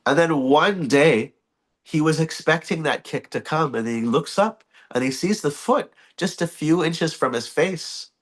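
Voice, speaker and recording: A man leading a morning scripture class in a temple, telling stories in an animated, chuckling, loosely phrased way. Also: fairly high pitch, a little slow. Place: temple hall.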